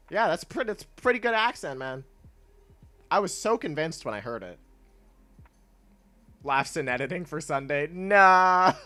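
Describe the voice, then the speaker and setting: A young man casually chatting with his chat while playing a video game, laid-back and quick to laugh. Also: a little high, fairly bright tone. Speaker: streamer.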